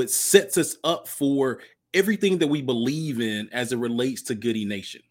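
A man's voice: mid-range voice, normal speed. Upbeat motivational man hosting a podcast. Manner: upbeat, motivational, repeats key phrases for emphasis. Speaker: podcast host and nonprofit founder. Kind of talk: solo podcast monologue.

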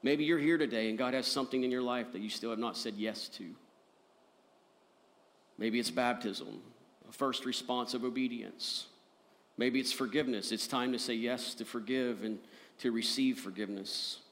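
A man preaching a sermon as pastor, earnest, rising to emphatic peaks and dropping soft. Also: mid-range voice, fairly even intonation, moderate pace.

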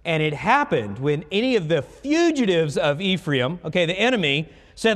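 Animated preacher in a reverberant hall. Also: male voice, on the high side, moderate pace, hardly any pauses. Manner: animated preaching, acts out voices in dialogue. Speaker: pastor. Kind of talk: sermon.

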